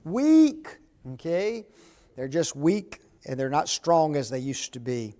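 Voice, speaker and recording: A man's voice: medium pitch, expressive, a little slow, darkish tone. A man preaching a folksy sermon in a church, often putting questions to the congregation.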